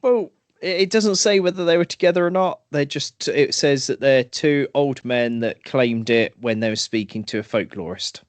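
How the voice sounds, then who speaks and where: A man's voice: mid-range voice, normal speed, hardly any pauses, dry recording. A British man co-hosting a podcast, chatty and self-mocking as he recounts folklore. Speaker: podcast co-host. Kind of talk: casual chat, storytelling.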